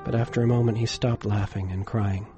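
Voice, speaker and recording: A man narrating a horror story in a measured, dramatic way, dropping to a hush for suspense. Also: on the low side, steady tone, dull audio, over music.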